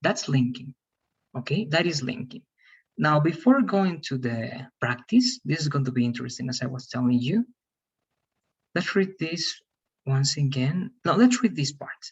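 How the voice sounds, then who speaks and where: Guy teaching english online, kinda raspy, dull lo-fi sound, keeps saying okay and right. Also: fairly high pitch, expressive, moderate pace. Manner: patient, repeats okay and right, calls on students by name.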